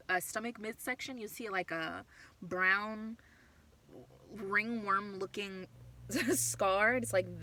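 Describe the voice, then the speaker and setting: A woman's voice: mid-range voice, sharp tone, rough recording. A tired young woman vlogging from a car, talking openly and rambling, often stopping and restarting her sentences. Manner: open, rambling, self-interrupting. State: tired from no sleep. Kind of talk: candid personal talk.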